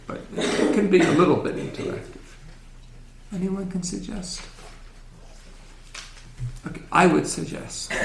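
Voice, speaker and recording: A man giving a gentle, reflective religious lecture in a synagogue hall, often asking his audience questions. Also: high-pitched, gravelly, background noise.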